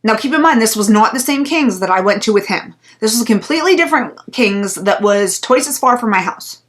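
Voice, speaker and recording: A woman's voice: on the high side, lively intonation, fairly quick, a bit bright. A woman vlogger telling a story in a casual, chatty way, full of fillers and little laughs.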